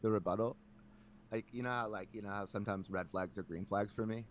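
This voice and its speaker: A man hosting a casual podcast, ranting in an animated way with lots of filler words. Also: on the low side, fast talker, slight background noise. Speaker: podcast host.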